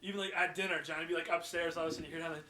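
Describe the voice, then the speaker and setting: A man's voice: a little high, flat delivery, rapid-fire, crowd noise. A man in a casual podcast chat, teasing and laughing as he talks. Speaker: podcast guest.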